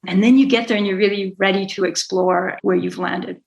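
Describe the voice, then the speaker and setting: In this poor-quality audio, a middle-aged woman with a medium-pitched, gravelly voice speaks briskly and steadily. She's a sailor and author being interviewed as a guest, and her long answers wander, correct themselves, and are sprinkled with little laughs.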